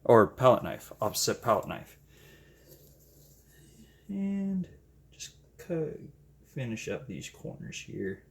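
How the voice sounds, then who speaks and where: A man chatting casually while he paints, gushing with excited exclamations and making self-deprecating asides. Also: mid-range voice, slow pace, gravelly, long pauses, husky. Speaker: paint-pouring channel host.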